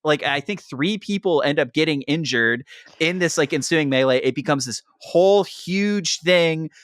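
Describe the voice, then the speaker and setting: A young man hosting a podcast, retelling a story in animated casual chat and saying "like" a lot. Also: fairly high pitch, normal speed, no room sound, studio quality. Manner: animated retelling, heavy use of "like". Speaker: podcast host.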